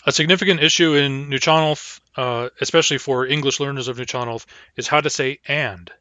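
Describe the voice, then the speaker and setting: A man giving a recorded language lecture, patiently repeating words slowly for learners. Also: medium pitch, steady tone, sharp tone, no echo, highs cut off. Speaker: language teacher.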